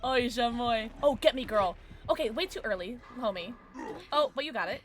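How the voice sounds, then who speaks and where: A young woman streaming a game from home on a desk microphone, chatting excitedly to her viewers and breaking into shouts and laughter. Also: fairly high pitch, brisk, a little hiss or hum. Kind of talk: live gameplay commentary.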